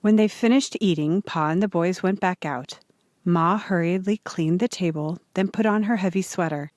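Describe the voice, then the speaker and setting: A woman reading a children's chapter book aloud in a steady, clear storytelling voice. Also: on the low side, normal speed, no echo. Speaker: audiobook reader.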